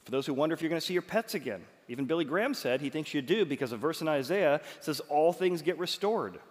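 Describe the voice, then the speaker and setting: A man preaching a sermon in an animated, joking way, with quick asides. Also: on the high side. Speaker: pastor. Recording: long reverb of a large hall.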